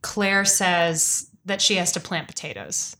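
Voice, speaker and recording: A woman co-hosting a podcast recaps a TV series in loose, casual chat. She swears freely, laughs a lot and slips into quick impressions of the characters. A faint hiss sits under her voice. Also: lowish voice, big pitch swings, bright, forceful tone. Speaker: podcast co-host.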